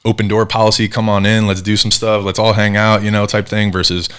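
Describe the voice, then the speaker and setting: A man in his thirties from New Jersey tells stories as a podcast guest. His voice sits very low and his words come out quick. He brings the people he quotes to life as he talks. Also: clean tone. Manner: animated, acts out quoted voices. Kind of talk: casual storytelling interview.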